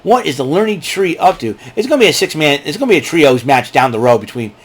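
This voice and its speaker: Talking fast in a slightly high voice with a breathy edge, this man recaps a wrestling show casually. He rambles, stays animated, and keeps laughing at his own jokes.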